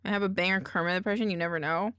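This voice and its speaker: A woman's voice: on the low side, steady tone, racing, a bit bright, clean tone, no room sound, studio quality. A woman streamer chatting casually and mumbling to herself while she edits videos.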